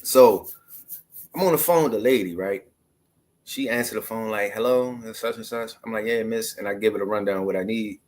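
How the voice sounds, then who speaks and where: A man in his thirties, originally from Maryland, talks straight to the camera in a loose, casual storytelling monologue. His speech is slangy and full of asides, and his voice sits at an ordinary middle pitch. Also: brisk, darkish tone. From Maryland, USA. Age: 30s. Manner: loose, slangy street talk with many asides. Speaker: vlogger.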